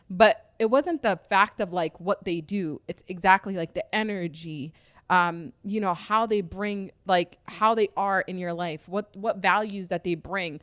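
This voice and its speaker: A woman's voice: medium pitch, measured pace, fairly bright tone, smooth, no echo, clean studio sound. A woman, a podcast guest, telling her personal story in a reflective, conversational way with frequent fillers.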